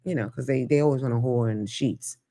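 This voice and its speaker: Host, woman, low voice, blunt and playful. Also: fast. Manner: frank, sassy, animated, laughs at own jokes. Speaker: talk show host. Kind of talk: live call-in show monologue.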